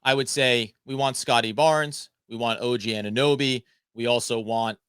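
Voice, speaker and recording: Rambling podcast host, dry sound. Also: male voice, mid-range voice, fairly even intonation, moderate pace, fairly bright tone, clean tone, dry recording. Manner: rambling, self-correcting. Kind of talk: casual sports podcast chat.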